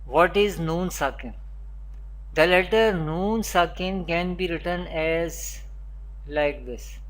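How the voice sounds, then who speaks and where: In a recorded beginner lesson on Quran recitation, the teacher names each letter in turn and goes over spelling drills repeatedly. The voice is mid-range and unhurried.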